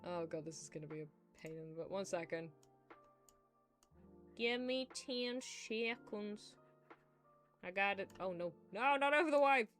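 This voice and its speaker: A woman's voice: medium pitch, animated, measured pace, long pauses, fairly bright tone, soft background music. A young woman streaming from home, rambling and giggling as she chats, swearing freely. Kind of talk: casual livestream chat while drawing.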